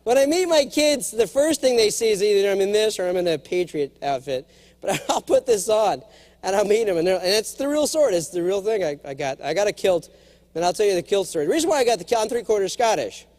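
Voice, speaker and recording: Man, middle-aged, keynote speaker, humorous motivational speech, high voice, very lively pitch, jokey, animated. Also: fairly quick. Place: large conference hall.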